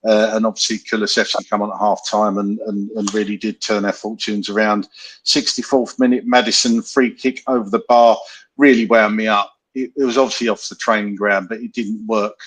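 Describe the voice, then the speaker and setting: Podcast host guy, a bit husky, low voice, going thru the match minute by minute. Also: little pitch movement, brisk, a bit bright, poor audio. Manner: runs through match events by the minute. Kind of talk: casual chat and match recap.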